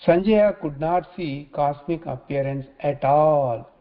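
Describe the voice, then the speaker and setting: A man teaching scripture in a religious talk, halting often and repeating phrases as he restarts. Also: on the high side. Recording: dull lo-fi recording.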